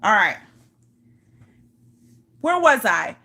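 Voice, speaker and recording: Young woman on a stream, high bright voice, slow and giggly, cracking up while she reads. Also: very animated. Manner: giggly, keeps breaking into laughter. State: out of breath. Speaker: livestream host. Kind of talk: casual live chat, reading a silly story aloud.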